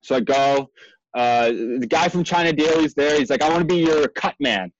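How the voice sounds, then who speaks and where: A man in his thirties telling a lively, profane story as an interview guest, full of fillers and quick laughs. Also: fairly high pitch. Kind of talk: animated storytelling. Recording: dull lo-fi dry sound.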